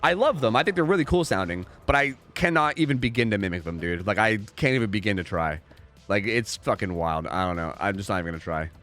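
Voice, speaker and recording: A man's voice: on the low side, lively intonation, fast, fairly bright tone, faint music behind. A young man casually commentating a game live on stream, rambling, repeating himself and swearing freely.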